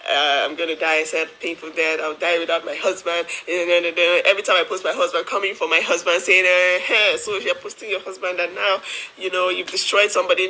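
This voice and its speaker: A woman's voice: lowish voice, sharp tone, poor audio. A woman from Africa who works as a nurse, talking straight to camera in an indignant, emphatic way and repeating herself for stress. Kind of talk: direct-to-camera vlog.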